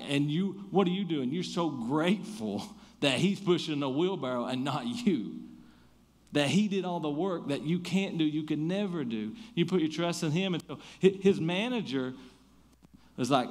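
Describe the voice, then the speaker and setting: A man pastor preaching a sermon, telling a story with lively emphasis and easing into quiet, soft prayer. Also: on the high side, moderate pace.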